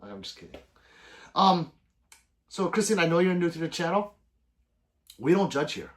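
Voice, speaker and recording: A man hosting a casual livestream, reading viewer comments aloud, joking and swearing freely with loud sudden outbursts. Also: high voice, moderate pace. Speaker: gun channel livestream host.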